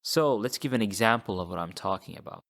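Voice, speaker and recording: A man teaching a language lesson, patiently repeating model words slowly for learners to copy. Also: on the low side, animated, fairly bright tone. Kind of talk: slow, deliberate language lesson.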